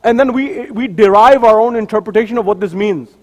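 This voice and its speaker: A man's voice: high-pitched, fairly quick. A man giving a sermon at a mosque, telling a story and acting out its dialogue. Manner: acts out the dialogue of figures in his story. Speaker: speaker at a mosque. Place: mosque hall. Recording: long hall reverb.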